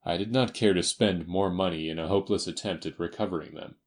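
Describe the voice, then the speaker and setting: Man reading a learned older gentleman, slow and staccato, low voice, audiobook. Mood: measured. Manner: slow, staccato, choosing words carefully.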